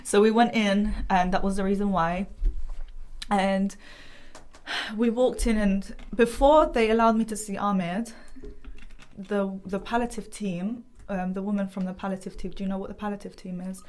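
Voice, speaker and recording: A woman's voice: mid-range voice, steady tone, moderate pace, darkish tone. A young woman giving a personal testimony as a podcast guest, talking earnestly and rambling with many fillers.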